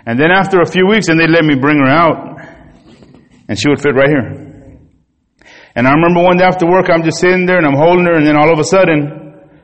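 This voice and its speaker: A man pastor delivering a sermon, telling a personal story in an animated, emotional way. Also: a little high, brisk, long pauses, big-room sound.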